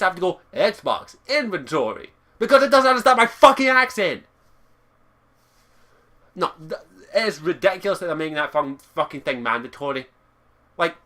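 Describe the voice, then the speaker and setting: A Scottish man sits on his bed and rants at the camera, cursing at nearly every turn. His voice sits high for a man and rings bright and sharp, with angry outbursts breaking through again and again. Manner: swears constantly, exasperated, loud outbursts. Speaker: vlogger. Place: his bedroom, sitting on his bed. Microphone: camera across the room.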